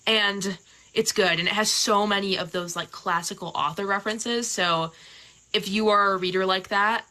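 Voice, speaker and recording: Chatty young Midwestern American woman. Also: mid-range voice. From Michigan, USA. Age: young adult. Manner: chatty, animated, quick asides. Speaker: livestream host. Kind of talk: casual chat. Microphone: webcam or phone mic on a livestream.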